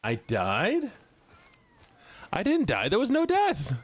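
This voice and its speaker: Excitable male game streamer, lively pitch. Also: slow pace, slightly rough, dry recording. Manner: excitable, greets viewers warmly, swears when startled. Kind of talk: casual live-stream chat while gaming.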